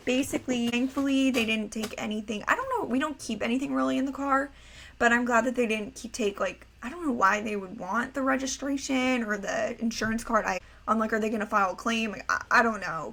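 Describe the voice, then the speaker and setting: Young woman podcast cohost, bright forceful voice, animated storytelling, acts out the family bits. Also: fairly high pitch. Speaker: podcast co-host. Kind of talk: casual chat.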